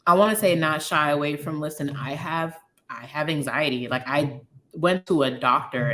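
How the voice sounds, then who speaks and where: A woman in her thirties, from a Liberian American background, speaks in a low, grounded voice. She is a guest sharing her own story openly and candidly. She slips into quoted dialogue as she retells scenes. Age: 30s. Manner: open, frank, animated retelling with quoted dialogue.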